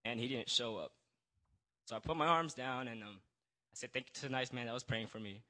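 A young man shares his personal testimony at a church gathering, speaking into a handheld mic. His voice is bright and forward. He talks nervously, stumbling and restarting, with a middling pitch. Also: a little fast. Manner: nervous and hesitant, full of restarts and apologies. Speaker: church member giving a testimony. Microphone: handheld microphone.

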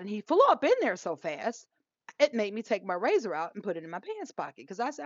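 Laughing through her tale, this podcast co-host in her forties animatedly plays both parts of the conversation in a casual storytelling chat. She talks fast in a mid-range, slightly rough voice. The sound is dry, dull and lo-fi.

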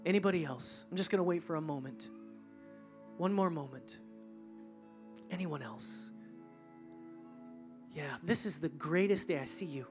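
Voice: medium pitch, a little slow, pauses often, soft background music. Pastor dropping to intense whispers. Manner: intense, drops to near whisper, then rises. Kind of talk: altar call sermon. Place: large church hall during a service.

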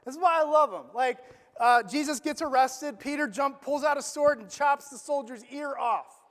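High-voiced preacher in an echoing hall. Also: moderate pace. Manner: casual, conversational preaching with slang and questions to the crowd; swings between loud emphasis and near-murmured lines. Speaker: pastor. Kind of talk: sermon. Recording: long echo of a large hall.

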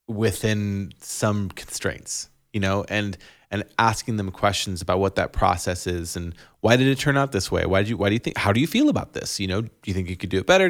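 A man in his thirties, a podcast co-host, talking casually about parenting, rambling with frequent laughs and restarts. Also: lowish voice.

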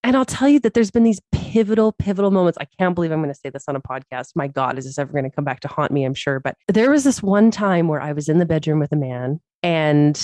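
A woman co-host on a casual podcast, with a somewhat low voice. She talks openly and pokes fun at herself, laughs often and trips over her own sentences. The recording is dry and close, with no room sound. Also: lively intonation, quick pace, few pauses, warm tone, dry recording. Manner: candid, self-deprecating, laughs often, many restarts.

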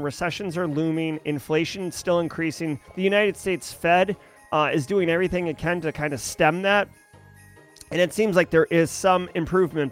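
A man's voice: a little high, fairly bright tone. A man hosting a livestream, reading news headlines and riffing on them in casual commentary, answering chat as he goes. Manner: chatty, reads headlines then riffs and answers chat. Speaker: livestream host.

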